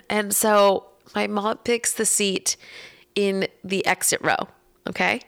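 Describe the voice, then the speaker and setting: A woman telling a story in casual podcast chat. She is animated, laughs often and acts out the voices of people she quotes. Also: mid-range voice, takes it slowly, creaky.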